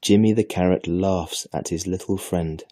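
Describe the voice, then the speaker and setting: A man reading a children's story aloud slowly and carefully for an English lesson. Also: deep voice, no room sound, studio quality. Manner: slow, careful, even reading.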